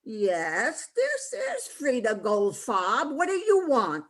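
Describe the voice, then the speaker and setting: A woman acting out a salty, bragging old actress, high voice, swoops up and down wildly, drawls along slowly, stage play. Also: wildly swooping pitch, heavily acted. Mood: flustered. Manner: brash, boastful, salty-tongued. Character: feisty elderly woman, a former actress.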